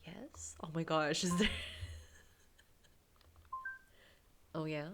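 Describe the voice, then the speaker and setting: A young woman gaming host, chatty and giggly, with many fillers as she comments on her game. Her voice sits a little low for a woman and stays plain and even. She switches between casual commentary and reading the game text aloud. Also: extremely slow, pauses often. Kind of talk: casual let's-play commentary and narration.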